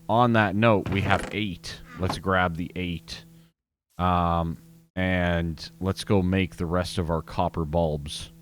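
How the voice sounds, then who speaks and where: A man hosting a gaming video, giving casual gameplay commentary in a chatty, self-mocking way and talking straight to his viewers. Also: deep voice.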